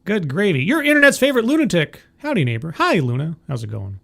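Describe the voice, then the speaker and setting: Sarcastic streamer, lively swooping voice. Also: mid-range voice, fast, vocal fry. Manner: sarcastic, exasperated, animated. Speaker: streamer reacting to a video. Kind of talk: live stream commentary.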